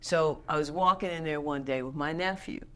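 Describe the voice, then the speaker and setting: A woman's voice: low voice, normal speed, sharp tone. A woman hosting an interview series, chatting casually and sharing her own anecdotes, often checking in with "right?". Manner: conversational, frequent "right?" affirmations, tells anecdotes. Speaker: interview host.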